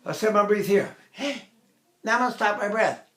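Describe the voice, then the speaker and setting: A man's voice: sits high, brisk, a bit bright. An older man, a tenor and voice teacher, giving a conversational lecture with many fillers and occasional sung examples. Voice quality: trained tenor voice. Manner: conversational, many fillers, breaks into full operatic singing.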